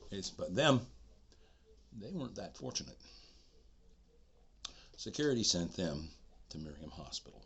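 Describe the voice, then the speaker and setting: Older man telling a lively story. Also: low-pitched, husky. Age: 60s. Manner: animated, swings from shouting to whispering. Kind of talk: personal story monologue. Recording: dull lo-fi recording with faint noise.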